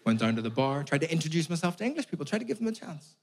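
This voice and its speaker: Sweary, animated Belfast comedian. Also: male voice, on the high side, rapid-fire, slight background noise. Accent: Northern Irish, Belfast. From Northern Ireland. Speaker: stand-up comedian. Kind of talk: stand-up comedy set. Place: comedy venue stage. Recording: live audience laughter in a venue. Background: audience laughing.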